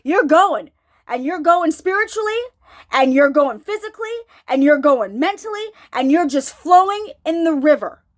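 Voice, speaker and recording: A woman preacher with a very high, animated voice that swoops up and down. She delivers an informal sermon in a searching way, repeating herself and putting questions to her listeners. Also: moderate pace.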